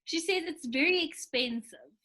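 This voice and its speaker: A woman's voice: high voice, moderate pace. A young woman from South Africa co-hosting a podcast, telling a travel story in casual chat and acting out the dialogue. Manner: animated, acts out quoted dialogue. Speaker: podcast co-host.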